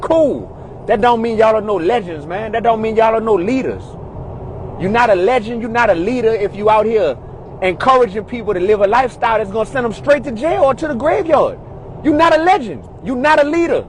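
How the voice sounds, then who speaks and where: Exasperated high-voiced man ranting. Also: a little hiss or hum, low-quality recording. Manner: exasperated, preachy, repetitive. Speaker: commentator in a played clip. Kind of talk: ranting monologue.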